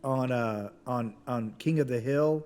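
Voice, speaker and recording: A man hosting a podcast in casual chat, telling stories in a profane, animated way. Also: mid-range voice, measured pace.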